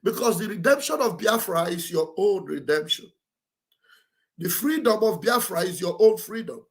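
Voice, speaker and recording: A man's voice: sits high, lively intonation, normal speed. A man with an Igbo accent, a native Igbo speaker, giving an impassioned livestream exhortation in a fervent, preacher-like way, repeating his phrases and sounding close to tears. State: emotional, near tears. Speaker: livestream host.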